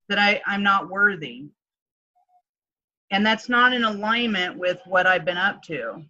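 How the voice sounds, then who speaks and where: A woman's voice: mid-range voice, bright, forceful tone, lo-fi sound. A woman life coach telling a candid personal story in an interview, full of fillers and acted-out quotes. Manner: emotional storytelling with many fillers, acts out quotes.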